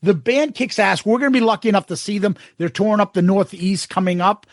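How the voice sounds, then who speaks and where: A man co-hosting a podcast, telling stories in an animated, profane way and acting out what people said. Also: high voice, brisk, no echo, studio quality. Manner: swearing, animated storytelling with quoted voices. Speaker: podcast co-host. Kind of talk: casual chat.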